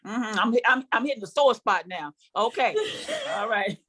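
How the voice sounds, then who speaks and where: A woman's voice: a little high, expressive, normal speed, a bit bright. An older woman performing a sassy, conversational stand-up comedy set on stage before a live audience, teasing the crowd.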